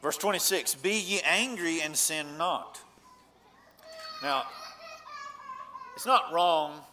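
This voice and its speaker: Man, preacher, sermon, bright voice, earnest, swings loud and soft. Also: slight background noise. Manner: earnest, rising to emphatic points then dropping low.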